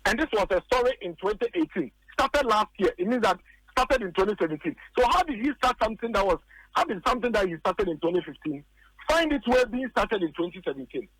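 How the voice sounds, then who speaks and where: A high-pitched Ghanaian man talking politics on a radio show, argumentative and insistent, circling back to repeat his points. The sound is dry and close, with no room around it. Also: very animated, fast talker, a bit bright, dry recording, rough recording. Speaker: political commentator.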